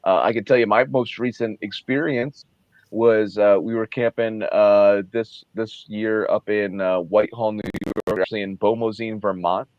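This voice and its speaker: A man's voice: lowish voice, steady tone, moderate pace, a little mellow, dry recording, lo-fi sound. A man in his thirties, a guest talking casually and easygoingly, with many fillers and restarts. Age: 30s. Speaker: guest, Bigfoot researcher. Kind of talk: casual conversation.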